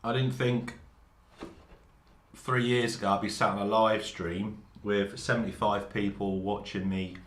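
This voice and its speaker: A man's voice: fairly low pitch, flat delivery, measured pace, fairly bright tone. A man chatting casually on a hobby live stream, joking and eating as he talks, without a lav mic. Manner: chatty, jokey, laughing between bites. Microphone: no lav mic, room mic. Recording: echoey room, faint background noise.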